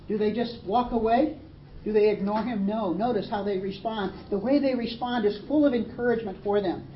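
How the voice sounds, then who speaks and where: A woman's voice: medium pitch, a little fast, highs cut off, slight background noise. Earnest woman preaching in a roomy hall. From Australia. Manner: earnest, emphatic preaching with dramatic read quotes. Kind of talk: sermon.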